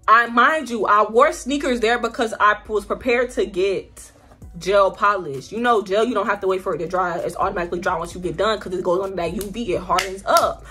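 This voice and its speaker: A young woman telling a storytime vlog in an animated, slangy way, acting out the people in her story. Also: mid-range voice, fairly quick, breathy edge, soft background music. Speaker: vlogger.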